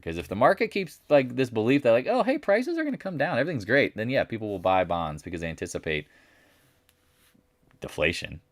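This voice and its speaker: Brash and blunt, a man gives live market commentary, alternating loud comments with mumbled asides and putting on a higher voice to mock the people he quotes. The recording is dry.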